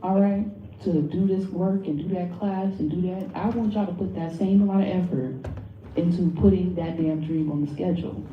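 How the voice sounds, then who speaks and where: A woman giving a blunt, animated workshop talk to a live audience, swearing freely and speaking straight to the crowd. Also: on the low side, normal speed, a little hiss or hum. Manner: blunt, profane and animated, addresses the audience directly. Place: lecture room with an audience. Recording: phone-like audio from far in an echoey room.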